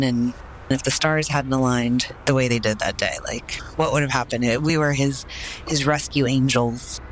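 A man's voice: mid-range voice, steady tone, normal speed, a little hiss or hum, low-quality recording. A man telling a personal story for a podcast in an earnest way, with lots of "like" as filler.

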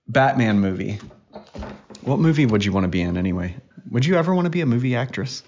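A man's voice: mid-range voice, sing-song, brisk, long pauses, darkish tone, lo-fi sound. A man in his thirties, a podcast host chatting casually and teasingly with his young daughter at home. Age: 30s. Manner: playful, teasing, joking.

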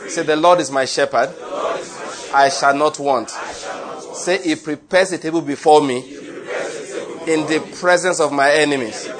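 A pastor with a slightly high voice preaches a little slowly, pausing often, as crowd noise fills the background. He leads his congregation in emphatic, repeated call-and-response declarations, and the church congregation can be heard behind him.

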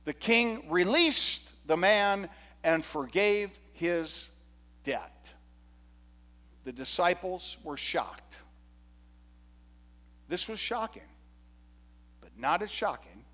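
A male pastor preaching a sermon, retelling a parable with animated, humorous storytelling. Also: on the high side, very slow, long pauses, long reverb tail.

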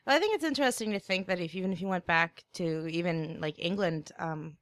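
A woman's voice: on the low side, brisk, dry recording. A woman guest on a podcast, chatting casually with a wry, teasing manner. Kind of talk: casual chat.

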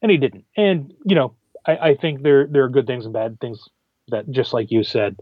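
A man's voice: medium pitch, moderate pace, husky, dry recording, phone-quality sound. Man co-hosting a casual movie chat. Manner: animated, emotional, restarts words. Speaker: podcast co-host.

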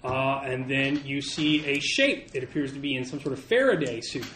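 A man narrating as game master, talking in a halting way with many fillers. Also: medium pitch, expressive, fairly bright tone. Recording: echoey room with faint hiss.

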